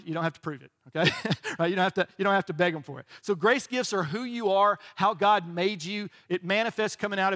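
A middle-aged male pastor preaches a sermon in a chatty, conversational, storytelling style, often checking in with "right?". His voice sits high and sounds a bit bright.

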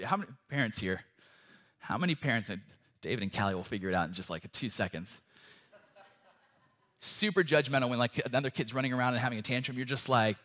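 A young man preaching a sermon as a guest speaker, swinging between loud, emphatic pleas and quiet, intimate lines. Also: medium pitch, fairly quick.

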